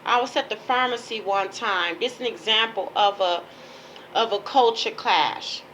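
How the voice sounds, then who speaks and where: A woman's voice: medium pitch, normal speed, a bit bright, a little hiss or hum, poor audio. A woman from Chicago delivering a ranting monologue, emphatic and lecturing, repeating her phrases to press each point. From Chicago, USA. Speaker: page owner.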